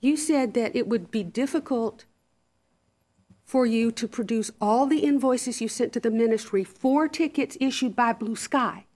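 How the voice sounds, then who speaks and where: A woman's voice: on the high side, measured pace, a little mellow. A woman serving as an appellate judge, questioning an attorney with pointed, probing questions. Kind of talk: questioning counsel in court.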